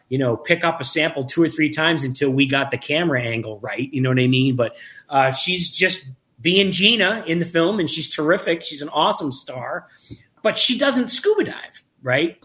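A man telling a lively anecdote about making a documentary, acting out the quoted dialogue and often restarting his sentences. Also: fairly high pitch. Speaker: documentary filmmaker. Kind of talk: casual storytelling in an interview.

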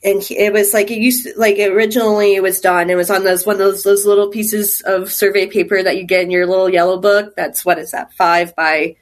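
A woman's voice: mid-range voice, level tone, a little fast, few pauses. Woman, from Texas, interview guest, chatty, rambling storyteller, frequent laughs. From Texas, USA. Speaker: guest caver. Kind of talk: casual interview chat.

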